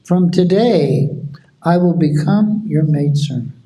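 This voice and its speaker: A man voicing a grieving mother pleading for her son, his own high voice slowed in an echoey room. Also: expressive, warm tone. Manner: pleading, tearful storytelling voice.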